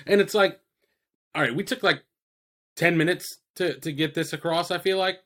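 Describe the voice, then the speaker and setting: This co-host has a fairly high, fairly bright voice at normal speed. On the podcast he casually reviews films, wandering off track, cursing, and dropping fillers and quoted asides.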